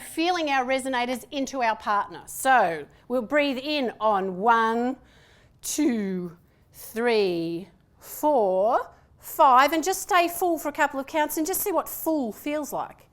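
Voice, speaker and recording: A woman leading a group through breathing and humming exercises, a lively, playful instructor who counts slowly and cues each step. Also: high-pitched. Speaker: voice workshop presenter. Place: room with a participating group.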